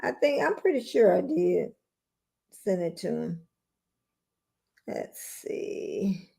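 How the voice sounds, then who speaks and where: A woman's voice: mid-range voice, animated, takes it slowly, gravelly, pauses often, warm tone. A woman, chatting casually with viewers on a phone livestream, rambling and calling them y'all. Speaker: livestream host.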